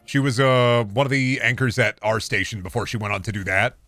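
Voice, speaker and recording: A married man streaming a video game, rambling sarcastically and insisting in mock calm that he is not mad. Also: mid-range voice, fairly quick, dry recording, faint music behind. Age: adult, married. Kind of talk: casual gameplay chat.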